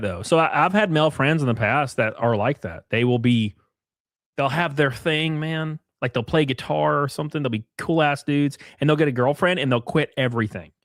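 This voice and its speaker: A man hosts a casual livestream, speaking bluntly, swearing plenty and reading out messages from viewers. His voice sits at a medium pitch, and the sound is clean studio quality with no echo.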